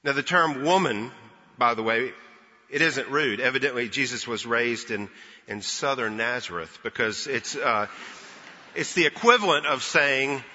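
A man preaching an Easter sermon as pastor, retelling a story earnestly and pausing for emphasis. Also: mid-range voice, expressive, bright, forceful tone, slightly rough. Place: church sanctuary. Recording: dull lo-fi with long hall reverb.

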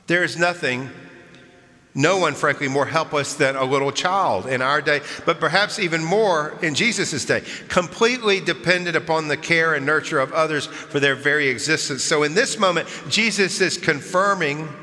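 Bright-voiced male pastor preaching in a hall. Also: a little high, moderate pace. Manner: warm storytelling with chuckles, then earnest preaching. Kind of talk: sermon. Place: large church sanctuary. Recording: long church-hall reverb.

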